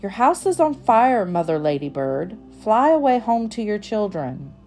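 A woman's voice: mid-range voice, lively intonation, measured pace, darkish tone, faint music behind. A woman voicing a fussy, tidy little female mouse who talks in a prim, scolding way. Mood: brisk.

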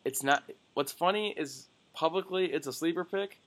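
A young man co-hosting a casual sports podcast, excitable and jokey, swearing often. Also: on the high side, moderate pace, a crowd in the background. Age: young adult. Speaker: podcast co-host.

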